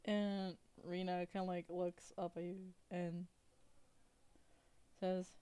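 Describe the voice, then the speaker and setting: A woman narrating a tabletop role-play game as game master, rambling with many pauses and restarts. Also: fairly low pitch, level tone, dark tone, smooth.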